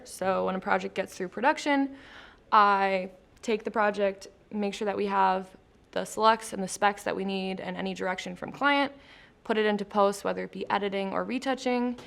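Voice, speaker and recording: Her mid-range voice is gravelly and a bit bright. In a relaxed interview at a company studio, this post-production traffic manager chats and laughs freely, peppering her explanation of her job with fillers as light questions come in between.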